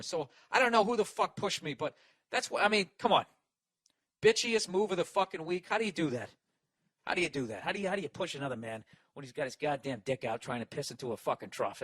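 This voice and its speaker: A man in his forties, a podcast host, telling a story as a loud, profane comic rant. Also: fairly high pitch, no echo. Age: 40s. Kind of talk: ranting comic monologue.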